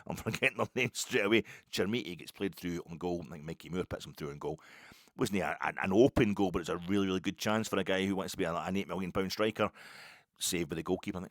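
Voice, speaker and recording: A man hosting a solo football podcast, rambling and excitable with lots of restarts and asides. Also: low voice, quick pace, no room sound, studio quality. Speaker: podcast host.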